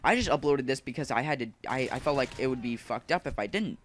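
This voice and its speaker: This man talks fast and animatedly in a mid-range voice, with slight background noise. As a gaming YouTuber giving casual commentary on his gameplay, he vents his frustration in a rambling, profane rant.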